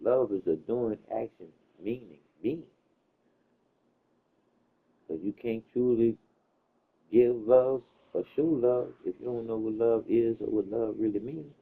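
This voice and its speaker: A man's voice: medium pitch, measured pace, long pauses, breathy edge. A man chatting casually, telling stories in a loose, slangy way, with plenty of cursing. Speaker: host. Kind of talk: casual chat. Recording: tinny phone-like sound.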